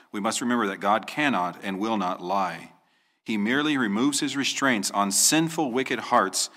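A man delivers a sermon from the pulpit with a bright, forceful tone. He preaches earnestly, lifting his voice into pointed questions. When he tells a story, he takes on the voices of the people in it. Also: mid-range voice. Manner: earnest, rising to emphatic questions. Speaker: pastor.

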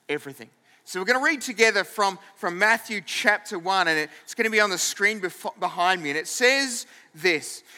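A man's voice: high voice, sharp tone, clear, resonant tone, long reverb tail. A man preaching a sermon to a church, playful and conversational, acting out scenes for the congregation. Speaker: pastor.

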